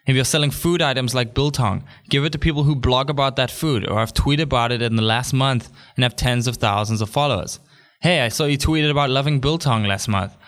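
Upbeat young male podcast host, chatty monologue with quick jokey asides, mid pitch. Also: a bit bright. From England.

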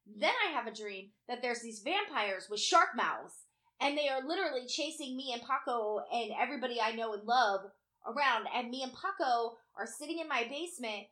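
A woman co-hosting a casual chat, telling an animated story with heavy swearing and acted-out quotes. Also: a little high, normal speed.

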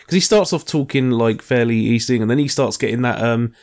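A man's voice: medium pitch, brisk, a little mellow. A man co-hosting a casual podcast. He rambles, swears freely, and keeps trailing off as he tries to recall names. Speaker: podcast co-host. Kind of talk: casual chat.

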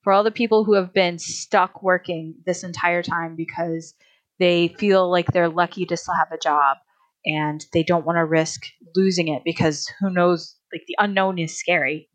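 A woman's voice: fairly low pitch, fairly even intonation, normal speed, dry recording. A woman in a casual podcast discussion, talking in an emphatic, passionate way with sarcastic rhetorical questions.

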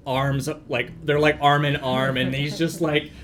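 A man narrating a tabletop game as game master, describing scenes in a halting, rambling way with many fillers. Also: mid-range voice, level tone, a crowd in the background.

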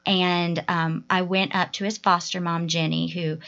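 A woman's voice: fairly low pitch, flat delivery, measured pace, creaky, a bit bright. A woman, a guest and adoptive mother, telling a heartfelt personal story in a chatty way, often quoting herself. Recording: dull lo-fi podcast recording.

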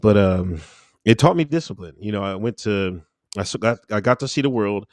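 A man's voice: on the low side, lively intonation, moderate pace, dry recording, studio quality. A man talking casually as an interview guest, rambling with lots of fillers and easy laughs. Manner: laid-back, rambling, full of fillers and laughs.

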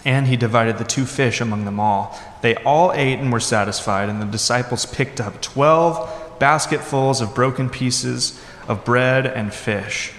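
Brief: male pastor, conversational sermon, mid pitch, church hall with long reverb. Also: unhurried, few pauses, fairly bright tone. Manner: conversational preaching, acts out quoted lines with voices. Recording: echoey hall.

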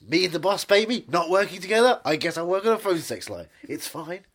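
A man doing an impression of a menacing, quietly creepy male film actor, with a low, hushed and sleazy delivery. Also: lively intonation, a little fast, full character voice. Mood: scornful.

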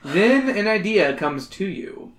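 A man's voice: high-pitched, very animated, slow pace, echoey room. A man hosting a podcast, reading a gamebook aloud with joking, crude asides. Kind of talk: comedic read-aloud with banter.

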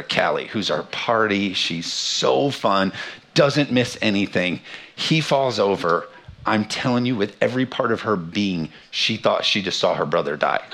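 A pastor in his thirties delivers a sermon in church, weaving in a humorous, self-deprecating story about his family. His voice sits somewhat low but carries a bright, forceful edge. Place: church sanctuary.

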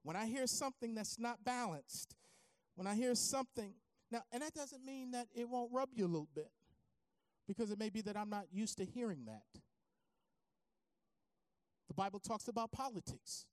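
A preacher giving a sermon, telling a story and building from calm teaching to shouted, sing-song preaching. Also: medium pitch, moderate pace, long pauses, smooth, dry recording, studio quality.

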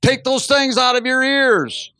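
A man's voice: very high voice, measured pace, no echo, studio quality. A middle-aged man preaching a sermon as pastor, telling stories and acting out quotes with laughter. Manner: storytelling, animated, acts out quotes with laughs.

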